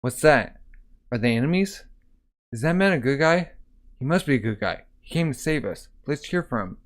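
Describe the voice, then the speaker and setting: A man's voice: mid-range voice, animated, moderate pace, close to an everyday voice. A man voicing an eager young village child who cheers on a hero, in a manga read-aloud. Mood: excited.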